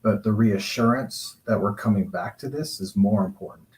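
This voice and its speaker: Man counselor guest, slow careful advice, lowish voice. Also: crowd noise, low-quality recording. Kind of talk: calm advice-giving talk.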